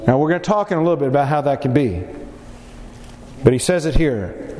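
A man preaching a sermon, reading scripture and acting out the quotes with lively emphasis. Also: fairly quick, pauses often. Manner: animated, acts out scripture quotes with rising pitch. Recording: reverberant hall with faint ambient noise.

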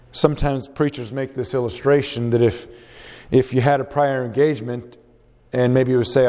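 A man's voice: mid-range voice, warm tone, in a large hall. A man preaching a sermon, earnest and exhorting, putting questions to the congregation.

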